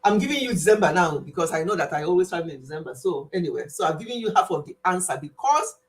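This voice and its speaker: A woman's voice: lowish voice, lively intonation, fast talker. Chatty woman hosting a live stream. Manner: playful mock scolding, chatty. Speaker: livestream host. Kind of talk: casual live-stream chat.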